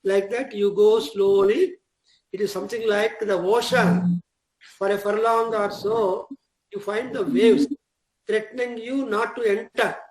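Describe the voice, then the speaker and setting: An older man giving a classroom lecture on Vedic verses, explaining in short, measured phrases and now and then chanting Sanskrit lines. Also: high voice, steady tone, a little mellow. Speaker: Vedic teacher. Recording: echoey classroom recording.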